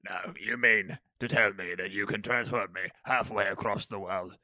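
A man's voice: on the low side, steady tone, moderate pace, pushed and bright, no room sound. A man voicing a stubborn, grumbling male tavern keeper in a tabletop game. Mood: defiant.

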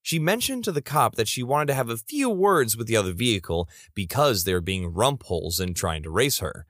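A man's voice: on the low side, sing-song, fairly quick, a bit bright, no room sound, studio quality. A man narrating reader stories in a comedic style, with playful asides.

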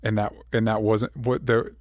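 A man co-hosting a casual movie review chat, talking eagerly in halting bursts full of fillers and restarts. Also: lowish voice, level tone, a little mellow, no room sound, studio quality. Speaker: movie review podcast co-host.

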